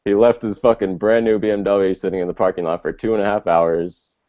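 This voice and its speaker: Young man, casual storyteller, very deep voice, rambling and profane, dull lo-fi audio. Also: flat delivery, a little fast. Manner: rambling, lots of filler words and swearing. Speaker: co-host telling a story.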